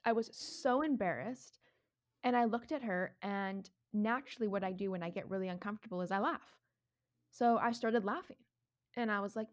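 A woman in her thirties telling a story in casual chat, animated, swearing freely and laughing often. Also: a little high, normal speed. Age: 30s.

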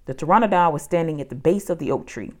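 A woman with a low voice narrates a children's chapter book aloud. Her reading is expressive and full of lively rises and falls, pitched for young listeners. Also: fast. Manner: expressive, storytelling delivery.

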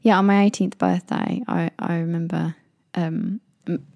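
A woman's voice: fairly low pitch, steady tone, a little slow, creaky, no echo, dull audio. A young English woman chatting casually as a podcast co-host, telling stories and acting out what people said. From England. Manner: chatty storyteller, acts out quotes in raised voices. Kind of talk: casual chat.

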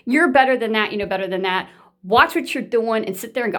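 A woman's voice: a little high, brisk. A woman talking straight to her viewers in a casual monologue. She is blunt and emphatic, repeats herself for emphasis, and swears freely.

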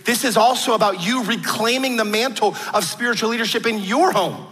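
Guy pastor preaching, high bright voice, lots of restarts, long hall reverb. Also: a little fast, slightly rough. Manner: storytelling, earnest, with frequent restarts. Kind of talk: sermon.

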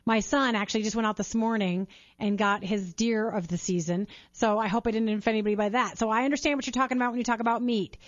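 A woman's voice: on the high side, fairly even intonation, fast, no echo, dull audio. A woman hosting a radio interview, asking questions with enthusiastic praise. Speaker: radio host.

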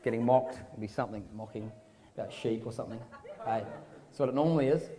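This sermon comes from a young New Zealander with a New Zealand accent who mixes casual storytelling with joking asides. He talks quickly in a medium-pitched voice with a dark tone, and long hall reverb surrounds him.

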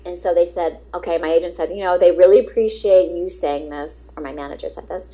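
A middle-aged woman, a guest actress, telling lively anecdotes in an interview and acting out the dialogue. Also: lowish voice, quick pace, low-quality recording. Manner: lively, acts out quoted dialogue, laughs often.

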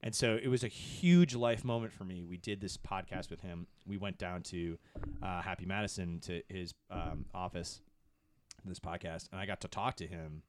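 A middle-aged man and podcast producer in casual chat, telling stories with bursts of excitement that jump high in pitch. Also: normal speed. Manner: excitable storyteller, swings to high animated peaks.

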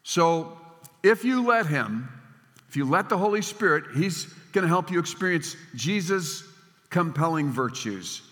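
An older man preaching a sermon in a storytelling manner, swinging between emphatic lines and hushed ones. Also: fairly high pitch, lively intonation, measured pace. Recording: long hall reverb.

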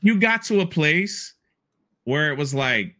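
A man hosting a casual podcast, telling stories in an animated way and laughing often. His voice is fairly high for a man, swoops widely in pitch, and has a bright, sharp edge. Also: unhurried. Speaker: podcast host.

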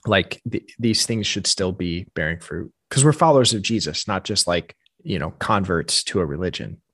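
A man's voice: deep voice, lively intonation, normal speed, fairly bright tone, slightly rough, dry recording, clean studio sound. A man co-hosting a casual faith podcast, talking through ideas in an earnest, reflective way. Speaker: podcast co-host.

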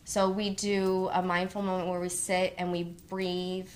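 A kindergarten teacher tells stories in a casual conversation, her speech full of animated swings in pitch. She is a lively storyteller whose voice rises quickly in pitch.

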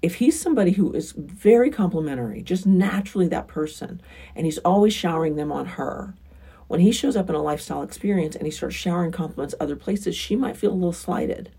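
A woman's voice: on the low side, lively intonation, fast, gravelly, mellow, husky. A woman hosting a frank, casual advice monologue, talking bluntly and with emphasis. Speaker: relationship advice host.

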